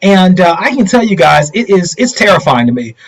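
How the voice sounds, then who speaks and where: A man's voice: high voice, a little fast, slightly rough, low-quality recording. Middle aged guy doing a political livestream, chatty, keeps asking the viewers stuff, voice goes way up and down. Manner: animated, talks straight to viewers with rhetorical questions. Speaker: livestream host reading viewer comments. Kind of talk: casual political commentary livestream.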